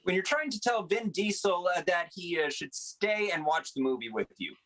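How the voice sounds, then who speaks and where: A man trading quick one-liners in an improv game over a video call. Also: high voice, very animated, fairly bright tone, low-quality recording. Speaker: improv player. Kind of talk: improv comedy.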